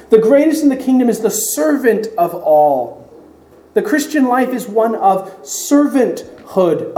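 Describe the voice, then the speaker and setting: Male pastor, sermon, mellow voice, roomy echoey church sound. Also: high voice. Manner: expository preaching, acting out quoted voices.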